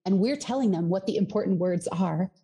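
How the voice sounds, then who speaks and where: A woman's voice: medium pitch, brisk, warm tone. A woman from Colorado who coaches voice and singing, explaining in a podcast interview and sometimes demonstrating with her own voice.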